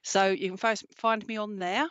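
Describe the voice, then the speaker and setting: A woman's voice: mid-range voice, steady tone, moderate pace, clear, resonant tone, no echo. Lady medium chatting on a livestream, lots of ums and "my lovely", dry dull-ish sound. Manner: chatty and affectionate, with many ums and endearments. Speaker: spiritual medium hosting a live stream. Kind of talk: casual live-stream chat, greeting viewers.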